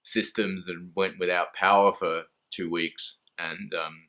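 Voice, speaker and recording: A man's voice: sits low, level tone, slow pace, sharp tone. A man with an Australian accent, talking candidly to camera in a rambling, casual monologue, swearing freely and laughing at himself. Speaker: mental health vlogger.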